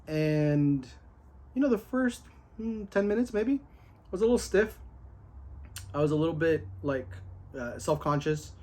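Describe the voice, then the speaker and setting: A man in a casual, excited recap of his day, candid, full of fillers and with the odd curse. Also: a little high, unhurried, pauses often. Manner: candid and excited, with many fillers and a bit of cursing.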